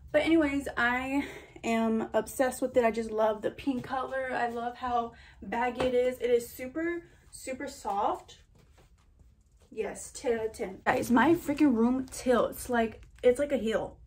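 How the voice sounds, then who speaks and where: A woman's voice: a little high, slight background noise. A young woman vlogger chatting casually to camera during a try-on haul, gushing and talking in a loose, chatty way. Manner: chatty and gushing, says freaking and oh my gosh a lot.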